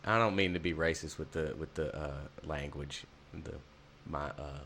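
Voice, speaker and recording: A man's voice: a bass voice, moderate pace, gravelly, fairly bright tone, a little hiss or hum. A man with a Southern US accent, co-hosting a podcast in casual chat and joking through his asides. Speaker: podcast co-host.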